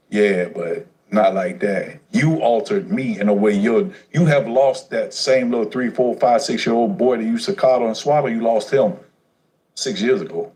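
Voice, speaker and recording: A man telling his life story on a casual livestream, profane and streetwise, animated as he goes. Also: on the low side, normal speed, low-quality recording.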